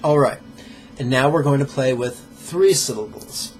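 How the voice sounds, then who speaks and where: A man leading a pronunciation drill as a meditation teacher, playful and joking, sounding out syllables slowly and carefully. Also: mid-range voice, faint music behind. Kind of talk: pronunciation drill in a live lesson.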